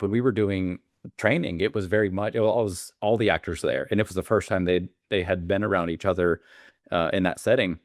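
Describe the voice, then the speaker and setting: Guy w a low voice, rambling beekeeper stories, lots of ums, dry sound. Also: steady tone, a little fast, dry recording. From Alabama. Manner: rambling, many fillers and restarts. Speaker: beekeeper guest. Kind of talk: casual interview storytelling.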